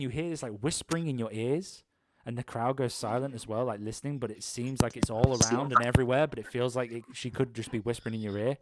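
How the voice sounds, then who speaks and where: A young man narrating an improvised tabletop game as game master, rambling with many pauses and restarts. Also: mid-range voice, background noise.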